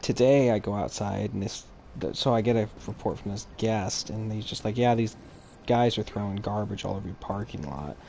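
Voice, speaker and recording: A man on a live stream telling profane, animated stories about trouble at work. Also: fairly low pitch, moderate pace, gravelly. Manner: profane, animated storytelling with acted quotes. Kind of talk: casual chat while gaming. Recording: noisy stream audio.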